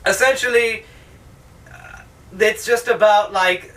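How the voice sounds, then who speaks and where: A man's voice: high voice, slow, fairly bright tone, distant mic. Profane, sarcastic man reviewing a movie. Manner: profane, rambling, sarcastic, with mocking put-on voices. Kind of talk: casual rambling film review.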